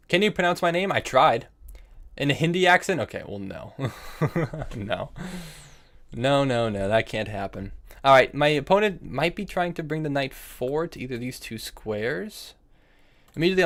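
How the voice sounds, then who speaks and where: His voice a bit bright and middle in pitch, a young man at his desk streams chess, talking through each move, repeating phrases as he deliberates, and breaking off to respond to chat. A desk mic picks him up.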